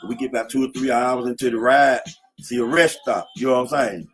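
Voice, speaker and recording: A man's voice: medium pitch, fairly even intonation, brisk, a bit bright, husky, faint music behind. A middle-aged man casually telling old street stories, slangy, often saying "you know what I'm saying". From Atlanta, USA. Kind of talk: casual storytelling. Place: in a car.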